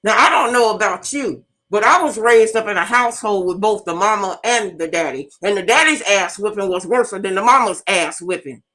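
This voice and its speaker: A woman's voice: medium pitch, animated, normal speed, few pauses, sharp tone, poor audio. A middle-aged woman hosting an online radio talk show, telling stories bluntly and speaking straight to her listeners. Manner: storytelling, addresses audience directly, emphatic and blunt. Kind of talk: casual monologue to listeners.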